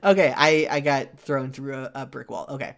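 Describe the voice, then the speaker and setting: A man streaming a story game, chatting casually with quick asides and fillers between narrated passages. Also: mid-range voice, steady tone, vocal fry, fairly bright tone. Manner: chatty, self-deprecating, fillers. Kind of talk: live-streamed game reading and commentary.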